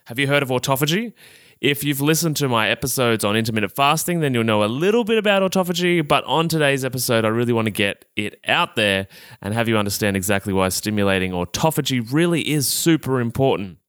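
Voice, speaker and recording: A man's voice: mid-range voice, animated, fast talker, fairly bright tone, clear, resonant tone, dry recording, clean studio sound. A young Australian man hosting a solo health podcast, talking in a chatty, upbeat and self-amused way with plenty of fillers. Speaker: podcast host.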